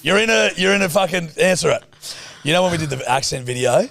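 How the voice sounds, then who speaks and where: A man's voice: a little high, lively intonation, quick pace, creaky, bright, forceful tone, no echo, studio quality. A man co-hosting a podcast, joking and teasing in crude casual banter. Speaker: podcast co-host.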